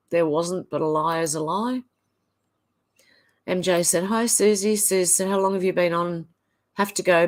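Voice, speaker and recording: An Australian woman hosting a livestream, reading viewers' comments aloud one after another and adding short offhand remarks. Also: fairly low pitch. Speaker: livestream host. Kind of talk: casual livestream chat reading.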